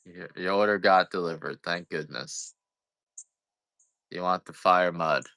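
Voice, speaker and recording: A man with a low voice and a forceful, bright edge rambles through a casual livestream as he sells coffee. He jokes at his own expense and drifts from thought to thought. The sound is dry and close, with no room around it. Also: a little slow, no room sound. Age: adult parent. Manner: rambling, self-deprecating, joking.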